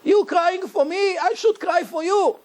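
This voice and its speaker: A man's voice: very high voice, a little slow, darkish tone, pitched above the performer's own voice. A man voicing an earnest, bereaved older man who pleads in a raised, strained tone. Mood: pleading.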